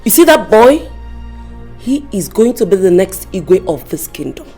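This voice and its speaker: A woman's voice: mid-range voice, sing-song, measured pace, mellow, soft background music. A woman playing a defiant palace woman who taunts her rivals, emphatic, with a Nigerian accent. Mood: taunting.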